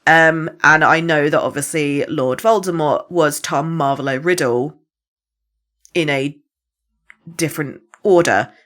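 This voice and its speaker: A woman co-hosting a podcast, explaining things in an animated way and laughing often. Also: low-pitched, unhurried. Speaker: podcast co-host. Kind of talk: casual podcast chat.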